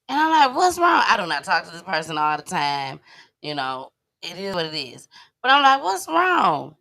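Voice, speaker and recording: A woman hosts a live show, chatting casually and greeting her viewers as she tells a story. Her voice is fairly low with a gravelly fry, yet bright and forward. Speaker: host of a live online show. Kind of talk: casual livestream chat.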